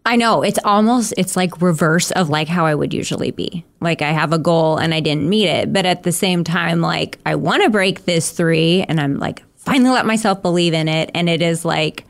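A woman in her thirties, a guest on a podcast, telling her story in a lively way and jumping into a high voice when she quotes her own thoughts. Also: normal speed, vocal fry, few pauses. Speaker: guest runner. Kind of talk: casual interview chat.

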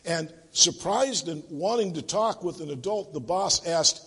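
A man preaches to a congregation with a rather high, husky voice. He leads into scripture through playful stories and acts out the characters as he goes. A long hall reverb trails every phrase. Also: moderate pace, few pauses, a bit bright. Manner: jokey storyteller, acting out voices in the tales. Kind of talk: sermon with told stories. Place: church sanctuary.

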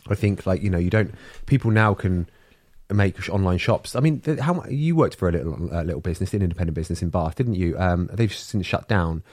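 A man's voice: sits low, quick pace, darkish tone, no room sound. A man co-hosting a podcast, telling rambling stories in casual chat with many restarts. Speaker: podcast co-host.

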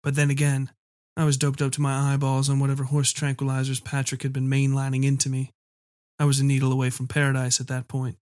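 A man narrating a first-person story in a measured, dark storytelling manner. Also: mid-range voice, monotone, no room sound, studio quality. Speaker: audiobook reader.

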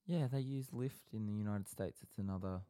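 Low-voiced teasing man, dry sound. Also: a little fast, mellow, smooth, no room sound. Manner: teasing, mock-dramatic. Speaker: podcast co-host. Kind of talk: casual chat. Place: home office. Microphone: podcast microphone.

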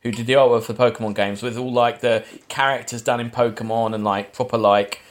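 This is a man talking casually about a film on a podcast. He rambles through the plot, stopping and restarting as he goes. His pitch sits in the middle of the range for a man. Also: fairly even intonation, brisk. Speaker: podcast host.

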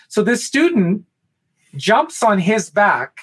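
A man talking on a podcast, telling a spiritual parable in an animated way, stumbling over many restarts. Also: on the high side, normal speed. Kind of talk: spiritual talk and storytelling.

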